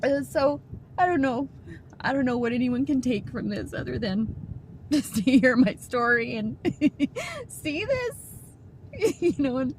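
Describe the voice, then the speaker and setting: A middle-aged woman speaks to her viewers in a high voice, telling a personal story. Her speech is halting and emotional, with restarts and soft laughs. Noise is clearly heard behind her, with passing vehicles. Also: rough recording. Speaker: vlogger.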